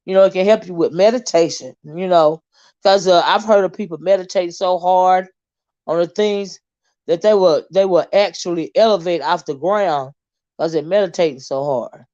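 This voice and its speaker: A woman's voice: on the low side, normal speed, dark tone, lo-fi sound. A woman with a Southern American accent, hosting a casual livestream and chatting loosely with lots of fillers and restarts. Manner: rambling, many fillers and restarts, Southern Black American vernacular turns. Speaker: livestream host reading comments.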